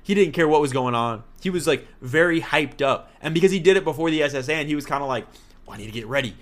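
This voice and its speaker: A man's voice: on the high side, fast talker. A man co-hosting a casual podcast, chatting animatedly and jokingly as he recaps a game playthrough. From Italian heritage. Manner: animated, jokey, slips into mock voices. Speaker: podcast co-host.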